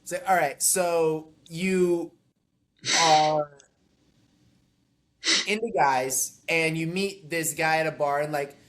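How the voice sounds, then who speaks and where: A man's voice: a little high, fairly even intonation, slow pace, long pauses, a bit bright. Sex: man. Role: podcast co-host. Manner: profane, keeps saying yeah. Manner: profane, many repeated yeahs. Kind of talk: casual chat.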